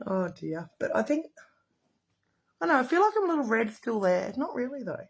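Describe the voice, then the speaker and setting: A woman's voice: fairly high pitch, lively intonation, moderate pace. A middle-aged woman, chatting in a rambling, effusive way while hosting a casual makeup livestream to the camera.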